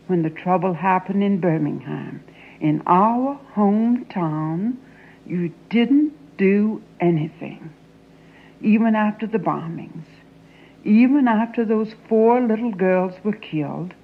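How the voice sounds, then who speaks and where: A woman performs a dramatic monologue as an anguished young Southern woman confronting her father, intense and often dropping into a hushed whisper. Her voice is medium-pitched and slightly rough, and the audio is narrow and tinny.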